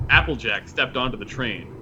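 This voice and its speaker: Lively, bright-voiced guy reading aloud. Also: mid-range voice, normal speed, lo-fi sound, a little hiss or hum. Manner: sarcastic, swears casually. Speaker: reader and co-host. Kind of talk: reading a story aloud with joking banter.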